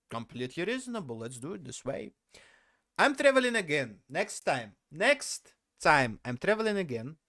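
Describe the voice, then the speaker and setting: A man's voice: high-pitched, a bit bright, no echo, studio quality. A man telling a story casually on a live stream, rambling and correcting himself as he goes, often laughing at himself.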